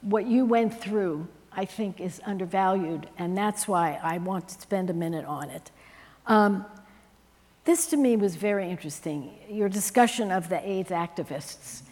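A woman's voice: mid-range voice, a little slow, darkish tone. Woman interviewer in a reverberant hall. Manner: engaged and direct in her questions. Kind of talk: on-stage interview. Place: stage before a live audience.

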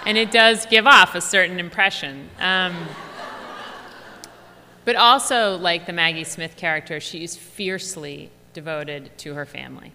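A woman's voice: lowish voice, fairly even intonation, unhurried, bright, forceful tone, big-room sound. A woman with a Philadelphia accent giving an effusive, chatty, humorous talk to an audience as an author. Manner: effusive, chatty, laughs often. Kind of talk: lively humorous stage talk. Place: large hall before an audience.

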